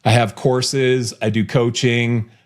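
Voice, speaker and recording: A man's voice: medium pitch, takes it slowly. Playful man hosting. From United States. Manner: playful, animated, laughs often. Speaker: podcast host. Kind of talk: casual chat.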